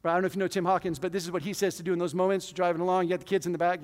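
High-voiced pastor with a booming hall echo. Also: male voice, fast talker. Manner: conversational and self-deprecating, with sudden loud bursts. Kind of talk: sermon. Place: church hall. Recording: reverberant church hall.

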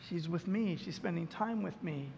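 God figure played by a male preacher, calm, gentle, soft, measured, gravelly, echoey church. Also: high-pitched, highs cut off, slight background noise, pitched below the performer's own voice.

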